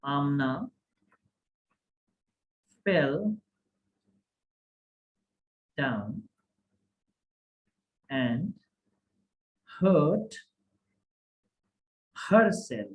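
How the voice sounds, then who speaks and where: A man's voice: a little high, drawn-out words, pauses often. A man teaching a grammar class online, often checking that the class follows. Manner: animated, asks the class many checking questions. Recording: echoey room.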